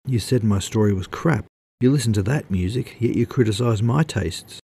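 A man's voice: sits low, steady tone, normal speed, gravelly. A man doing an angry, volatile writer. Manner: shouting, bitter.

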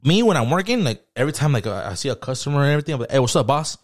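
A man's voice: medium pitch, very animated, racing. A young man co-hosting a casual podcast chat, slangy and profane, rambling as he tells work stories. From Mexican heritage. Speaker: podcast co-host.

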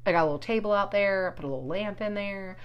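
A woman's voice: medium pitch, quick pace, clean tone, dull audio. A woman in her forties telling a long, rambling personal story in casual chat, swearing often and restarting her sentences.

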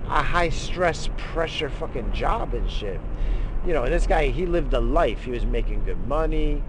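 A man hosting a podcast, talking in a brash, profane, rambling way while driving. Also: medium pitch. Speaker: podcast host. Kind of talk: casual rambling monologue. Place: in a moving vehicle, driving. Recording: road noise from a car.

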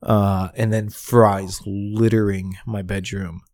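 A man's voice: lowish voice, level tone, slow pace, darkish tone. A young man sheepishly recounting his own drunken mishap on a podcast, laughing at himself. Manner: sheepish, self-mocking, laughing. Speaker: podcast co-host. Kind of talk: casual storytelling chat.

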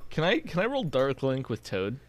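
A man's voice: mid-range voice, wildly swooping pitch, normal speed, background noise. A man playing in a tabletop game, chatting casually with a dry, joking manner. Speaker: player.

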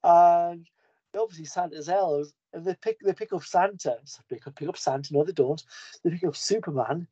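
A man recapping a comic story in a casual, enthusiastic way, often restarting his sentences. His voice is mellow and soft-edged. The audio is dry and a little dull, like lo-fi podcast audio. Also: a little high, normal speed, husky, dry recording. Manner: enthusiastic, rambling, with frequent restarts.

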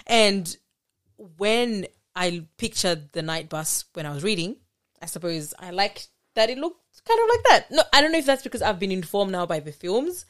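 Animated woman co-hosting a chat podcast. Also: medium pitch, normal speed. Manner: animated, laughs often, reads book passages aloud. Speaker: podcast co-host. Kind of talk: casual chat.

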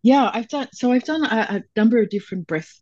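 A woman's voice: fairly high pitch, expressive, fast, darkish tone, no echo. A woman guest and breathwork coach speaking casually and thoughtfully, sometimes stopping to search for the right word. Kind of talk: casual conversation. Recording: dry, dull lo-fi audio.

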